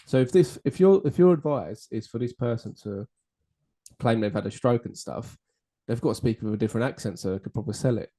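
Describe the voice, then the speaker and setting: Male podcast host, jokey rambling banter, mellow timbre. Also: mid-range voice, a little fast. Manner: jokey, rambling, laughs at own jokes. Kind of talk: casual banter over drinks.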